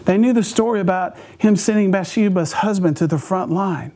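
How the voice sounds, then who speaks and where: Man, pastor, high-pitched, animated sermon storytelling, chuckles. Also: moderate pace. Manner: animated, chuckling, restarts phrases.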